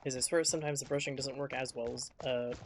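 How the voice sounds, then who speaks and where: A man's voice: medium pitch, steady tone, fast talker, gravelly, slight background noise. A man streaming a game, chatting casually and thinking aloud as he plays. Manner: rambling, thinking aloud while playing. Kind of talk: casual live gameplay commentary.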